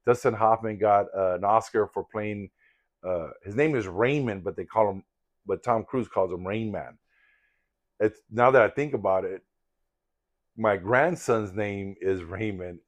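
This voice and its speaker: Older man, somewhat low voice, rambling and candid, reflective personal story vlog. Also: a little slow. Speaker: vlogger in sobriety recovery.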